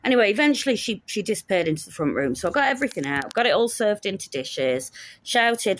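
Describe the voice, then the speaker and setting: A woman's voice: medium pitch, very animated, fast talker, fairly bright tone. A woman telling a story in a casual vlog, wry and sarcastic. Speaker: teacher.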